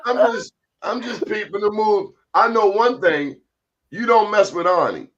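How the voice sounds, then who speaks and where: A man hosting a casual talk show, telling a story with animated quoted voices. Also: sits high, a little slow. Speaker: host. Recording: dull lo-fi sound.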